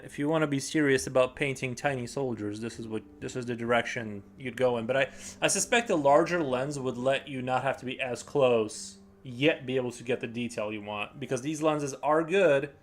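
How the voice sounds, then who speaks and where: A man's voice: mid-range voice, fairly quick, soft background music. A man live-streaming while he paints, chatting casually in a rambling, hesitant way full of fillers and restarts.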